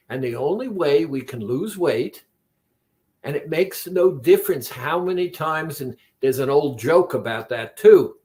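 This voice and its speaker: A man talking as a weight-loss coach, slowly and deliberately retelling a conversation with a client. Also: a little high. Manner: slow, deliberate, retells conversations with quoted dialogue. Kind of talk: reflective monologue.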